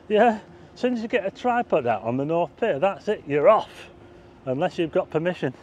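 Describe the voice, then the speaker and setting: Man, rambling walking-tour vlog, slightly high voice, faint street noise behind. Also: animated, normal speed, highs cut off. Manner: chatty, rambling, points things out to viewers. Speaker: vlogger. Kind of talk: casual walking-tour commentary. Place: outdoors, car park roof and town streets at night.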